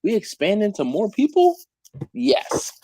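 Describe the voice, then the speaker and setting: A man telling barbecue catering stories in a loose live chat, his pitch jumping around as he acts out what customers texted him. He drops slang like "yo" and "fam" constantly. The sound is dry and close, with no room echo. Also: a little slow, gravelly. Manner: animated storytelling, acts out customers' messages; uses slang like "yo", "fam", "dog". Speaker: BBQ caterer and channel host. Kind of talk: casual live group chat.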